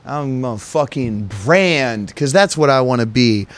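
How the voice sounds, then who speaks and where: A man's voice: mid-range voice, expressive, measured pace. Profane, rambling man. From United States. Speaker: podcast host. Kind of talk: casual solo podcast monologue.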